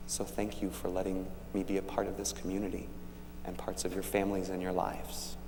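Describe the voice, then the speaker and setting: A minister telling a story to the children during a church service in a gentle, warm manner. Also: male voice, low voice, completely flat delivery, fairly quick. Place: large church sanctuary. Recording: echoey church hall, faint hum.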